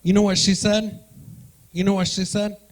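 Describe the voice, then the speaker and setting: A man's voice: high voice, level tone, normal speed, poor audio. A man doing crude, brash stand-up comedy and crowd work as the emcee on a comedy club stage.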